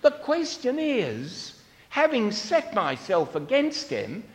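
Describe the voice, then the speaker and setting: A man's voice: high-pitched, wildly swooping pitch, slow pace, long reverb tail. A man preaching a sermon, asking the congregation rhetorical questions.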